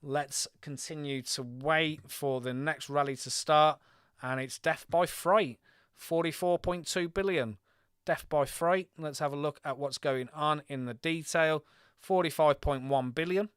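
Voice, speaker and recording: Smooth-voiced man casting a live game stream. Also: fairly high pitch, steady tone, a little slow, fairly bright tone, dry recording, clean studio sound. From Birmingham, England. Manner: chatty, reads scores aloud, talks to chat.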